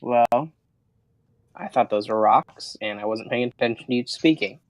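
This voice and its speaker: A man's voice: medium pitch, normal speed, no echo, poor audio. A man with a mid-range voice chats as a player in a tabletop game, casual and a bit rambling. The sound is dry and close, with no room around it. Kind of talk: casual in-character play.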